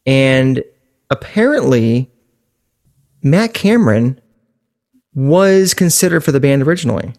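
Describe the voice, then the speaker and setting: Gravelly-voiced jokey male podcast host. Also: medium pitch, lively intonation, darkish tone. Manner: jokey, rambling, quick asides. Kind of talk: casual podcast chat.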